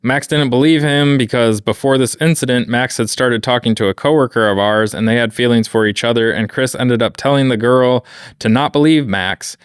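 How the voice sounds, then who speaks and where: A man's voice: mid-range voice, normal speed, clear, resonant tone, dry recording, studio quality. A man co-hosting a podcast, reading a story aloud in a laid-back way with profane, wry asides. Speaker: podcast co-host reading stories. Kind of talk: casual chat and reading aloud.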